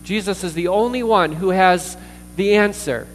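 A man preaching a sermon as pastor, earnest, with pauses, fillers and repeated words. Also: high-pitched. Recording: distant reverberant hall with mains hum.

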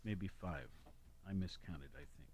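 A man's voice: low voice, unhurried, darkish tone, slightly rough, dry recording. A man hosting a casual radio show, reading weather and history notes with chatty asides. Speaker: radio host.

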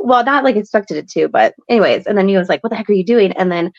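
Gravelly-voiced woman hosting a podcast. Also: medium pitch, animated, quick pace, hardly any pauses, highs cut off. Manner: chatty, rambling with many fillers. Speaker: podcast host. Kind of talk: casual episode recap.

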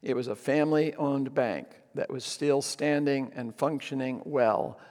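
A man's voice: mid-range voice, unhurried, darkish tone, long reverb tail. A man preaching a sermon as pastor, telling a story with frequent ums and restarts.

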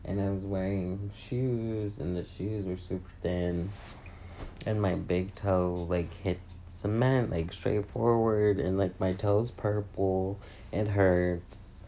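A woman's voice: a bass voice, fairly even intonation, slow, mellow, dull audio, a little hiss or hum. A young woman rambling through a casual confessional vlog, swearing often and mocking herself. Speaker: vlogger.

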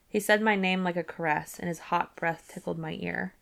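A woman's voice: on the low side, fairly even intonation, moderate pace, gravelly, hardly any pauses. A woman hosting a book club podcast, chatting casually with giggly asides and reading passages aloud.

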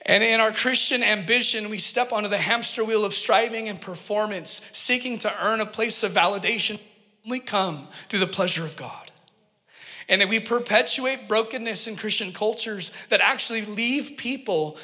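A man preaching with a high, ringing voice, earnest and emphatic, and he often turns to the congregation with a joke. The sound carries a long reverb from a church hall. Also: moderate pace, bright, forceful tone. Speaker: pastor. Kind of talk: sermon with personal storytelling.

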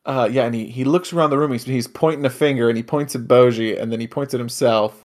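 Excitable man recapping a show. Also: mid-range voice, quick pace. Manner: excitable, swears, jokey asides. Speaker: podcast co-host. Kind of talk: casual chat recapping an anime.

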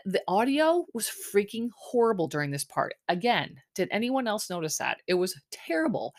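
A woman hosting a podcast, recapping a reality dating show episode in a rambling, casual way full of fillers. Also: low-pitched. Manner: chatty, rambling, lots of "like" and "um". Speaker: podcast host.

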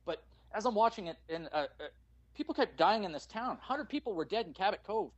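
A man's voice: high voice, animated, brisk, lo-fi sound. A man from Calgary, Canada, telling rambling, profane stories as a guest in a casual podcast chat.

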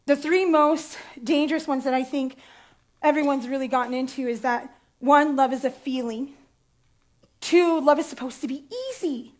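High-voiced woman preaching candidly. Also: normal speed. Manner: candid, playful, emotional storytelling. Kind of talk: sermon with personal story.

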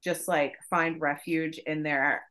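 A woman co-hosting a podcast, telling a story in casual chat, profane and animated. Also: low voice, slow. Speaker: podcast co-host.

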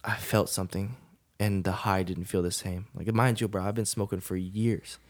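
A man's voice: low-pitched, fairly even intonation, normal speed. Laid-back young man telling a story. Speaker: podcast guest. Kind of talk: casual storytelling interview.

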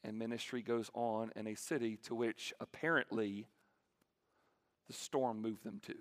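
A male preacher giving a sermon to students in a large hall, animated and joking as he acts out the scripture. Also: lowish voice, measured pace.

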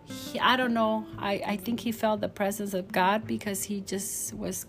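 A woman's voice: mid-range voice, normal speed, over music. A middle-aged woman telling a personal faith testimony in a storytelling way, acting out the voices of the people in it. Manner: animated, acts out quoted dialogue. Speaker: testimony speaker.

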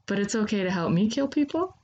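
A woman's voice: medium pitch, very animated, fast talker, darkish tone, lo-fi sound, voice pushed up. A woman voicing a cynical, curt gunslinger, with a sarcastic way of talking. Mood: dry.

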